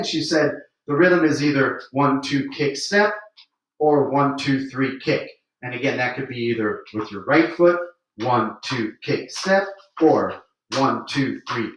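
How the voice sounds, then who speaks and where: A man's voice: a little high, a bit bright, recorded from a distance. A man teaching a livestream swing dance lesson, explaining footwork and counting beats aloud while he demonstrates the steps. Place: room where he dances on camera. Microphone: camera mic at a distance. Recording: echoey room, voice from off-mic.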